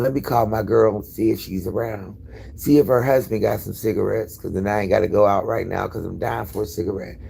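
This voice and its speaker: A man's voice: lowish voice, gravelly, darkish tone, a little hiss or hum. A man hosting a live stream in casual, candid chat, rambling and swearing freely. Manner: candid, profane, rambling storyteller.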